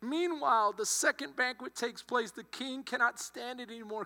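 A man preaching with a very high, sharp, ringing voice, acting out the characters as he tells the story. His sermon echoes with a long reverb through a church hall over a low mains hum. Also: normal speed, hardly any pauses. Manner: animated, acts out characters' lines. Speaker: pastor.

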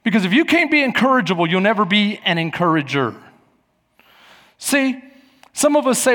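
Animated high-voiced pastor in a hall. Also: male voice, moderate pace, pauses often. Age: 40s. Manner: animated storytelling, acting out voices and shouts. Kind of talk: sermon. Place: church.

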